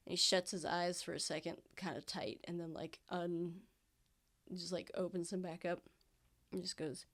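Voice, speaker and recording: A woman's voice: fairly low pitch, little pitch movement, normal speed. A woman running a tabletop game, narrating in a loose way full of fillers. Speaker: game master.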